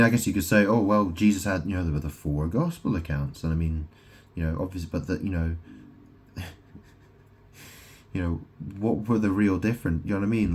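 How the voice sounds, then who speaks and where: A man giving a rambling solo monologue, making grand declarations, then reading aloud haltingly and stumbling over names. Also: sits low, a little mellow, breathy edge. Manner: meandering, self-interrupting, reads aloud haltingly. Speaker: self-styled spiritual speaker.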